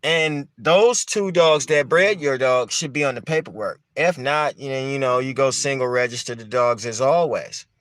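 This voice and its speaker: A man's voice: medium pitch, normal speed, hardly any pauses, a bit bright, dry recording, clean studio sound. A man speaking, talking conversationally, asking rhetorical questions and repeating his points. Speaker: dog breeder talking to camera. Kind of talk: casual monologue.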